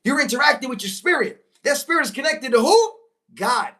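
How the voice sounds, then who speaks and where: Emphatic, animated motivational woman. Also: sits high. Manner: preachy, emphatic, repeats key lines, bursts into excited exclamations; slows right down on key phrases. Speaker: motivational speaker. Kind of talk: live-stream motivational talk.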